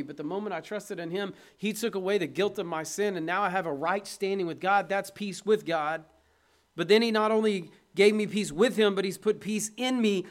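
A man's voice: high voice, fairly bright tone. A man preaching a sermon, emphatic, repeating his phrases and putting questions to the listeners.

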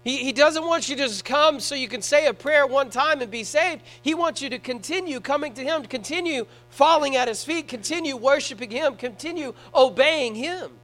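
A man preaching a sermon in a church, swinging between hushed, tender passages and loud, fervent ones. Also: extremely high pitch, moderate pace, hardly any pauses, rough recording. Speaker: pastor.

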